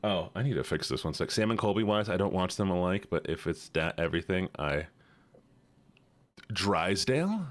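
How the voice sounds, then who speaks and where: A man streaming live, chatting with viewers in an excitable, chatty way and greeting and thanking them. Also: deep voice, normal speed. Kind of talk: casual livestream chat.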